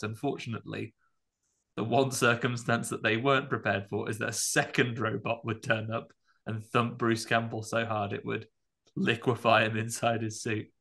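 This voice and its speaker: A man's voice: on the low side, little pitch movement, moderate pace, creaky, pushed and bright. A man co-hosting a podcast, chatting casually and rambling through a film review with jokes. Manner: rambling, jokey, puts on voices in retellings. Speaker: podcast co-host.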